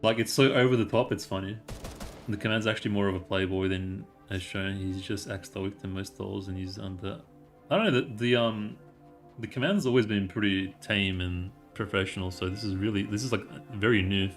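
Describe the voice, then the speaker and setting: A man hosts a casual game stream, mixing story reading with excitable, teasing asides. His voice sits on the low side, and he breaks into laughter often. A faint strain of music plays behind him. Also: brisk.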